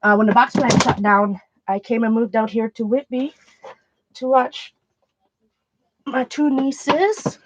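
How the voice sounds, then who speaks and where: A woman's voice: a little high, steady tone, slow, long pauses, background noise. A woman hosting a casual livestream from home, talking in an earnest, rambling, chatty way. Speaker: art channel host. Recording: dull lo-fi sound.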